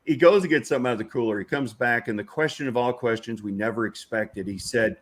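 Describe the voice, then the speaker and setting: A man's voice: mid-range voice, fast. A man, a guest from a veterans' ranch, telling a story in a folksy, chuckling way with lots of "you know". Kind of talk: casual anecdotal storytelling.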